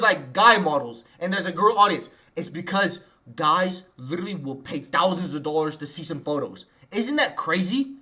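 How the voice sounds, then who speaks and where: A young man livestreaming, giving casual slang-heavy advice to his chat and telling stories. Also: high voice. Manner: slangy, animated, storytelling with asides.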